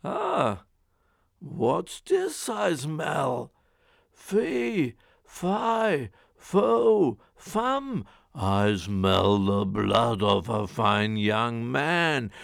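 Man doing a menacing storybook ogre, booming, drawn-out words, gravelly, dry close sound. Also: sing-song, dry recording, full character voice. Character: huge hungry male ogre, gruff and menacing. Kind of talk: storybook reading.

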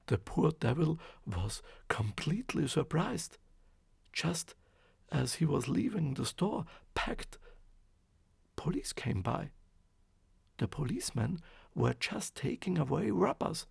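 Man, storyteller, slow, husky, dry close sound. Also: a little high, dry recording. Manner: slow, expressive reading. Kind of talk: storybook narration.

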